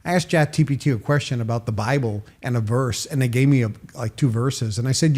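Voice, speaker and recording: An older man from Massachusetts, a podcast guest telling animated stories and acting out quoted dialogue with sudden jumps in pitch. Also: brisk, few pauses. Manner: emphatic, acts out quoted dialogue with raised pitch. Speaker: podcast guest, author and marketer. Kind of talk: animated interview storytelling.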